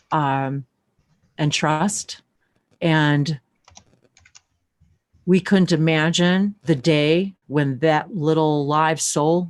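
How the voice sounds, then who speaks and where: A woman's voice: deep voice, darkish tone. A woman hosting a live-stream chat, talking in a gushing, rambling way with many restarts and breaking into channeled light language. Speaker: host.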